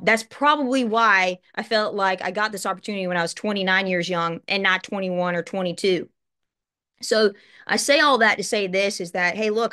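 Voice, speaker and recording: A woman's voice: medium pitch, fairly bright tone. Earnest woman in her late thirties. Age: late 30s. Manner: earnest storytelling, conversational asides. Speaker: life insurance brokerage partner. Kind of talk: motivational personal talk.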